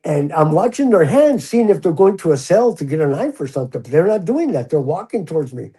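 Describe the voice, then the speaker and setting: An older man with a husky, mellow voice, a retired prison officer, casually tells a story as a guest on a relaxed podcast interview. He speaks briskly in a slightly higher register, animatedly acting out the voices of the people he quotes. The recording is low quality.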